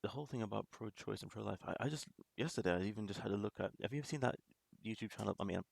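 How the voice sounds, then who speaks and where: A man's voice: lowish voice, rapid-fire, creaky, darkish tone, husky, no room sound. A man hosting a reaction video, talking in casual commentary that rambles with restarts and small laughs.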